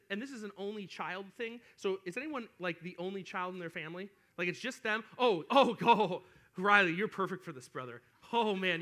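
A young man preaching an interactive sermon to kids as a youth pastor, telling stories and talking straight to his listeners. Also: high voice. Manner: animated storytelling, addresses listeners directly.

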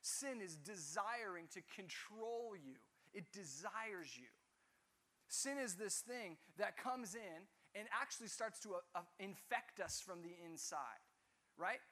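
A man's voice: high voice, slow pace. A man teaching a Bible class, asking his students questions and joking with them. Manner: lively, asks the class questions, jokes.

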